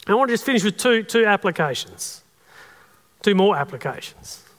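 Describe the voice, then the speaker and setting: A man's voice: sits high, lively intonation, moderate pace, fairly bright tone. A man with an Australian accent preaching a sermon in an earnest, conversational way. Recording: long hall reverb.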